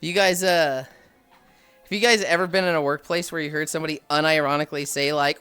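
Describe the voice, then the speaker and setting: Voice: mid-range voice, steady tone, brisk, fairly bright tone, smooth, soft background music. A livestreamer chatting casually with viewers, telling stories with frequent sighs and laughs. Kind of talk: casual live-stream chat.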